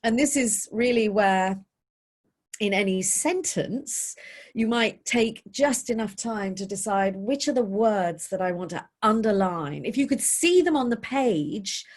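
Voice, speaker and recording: A British woman, a voice coach, giving expressive advice in a webinar question-and-answer session. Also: medium pitch, measured pace.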